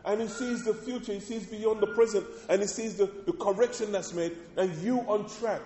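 A man's voice: sits high, steady tone, normal speed, hardly any pauses, dark tone, a little hiss or hum. A man preaching a sermon as pastor, calling out to the congregation and reading scripture with rising emphasis. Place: church. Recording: echoey church hall.

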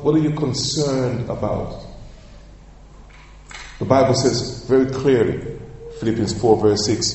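A man preaching a sermon as pastor, emphatic and calling out for responses, drawing key phrases out slowly and repeating them. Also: medium pitch, a little mellow, far from the mic, slight background noise. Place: church sanctuary. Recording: echoey church hall, voice from afar.

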